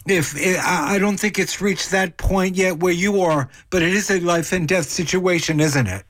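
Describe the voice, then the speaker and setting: A man's voice: a little high, a bit bright, rough recording. A man hosting a radio interview, often restarting his questions as he talks. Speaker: radio show host.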